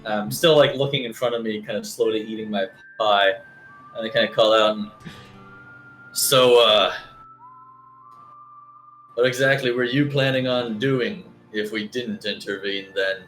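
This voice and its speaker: A man playing a tabletop role-playing game, speaking with halting restarts. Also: on the low side, fairly even intonation, fairly bright tone, soft background music. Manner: hesitant, stumbling. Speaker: player. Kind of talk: casual tabletop play.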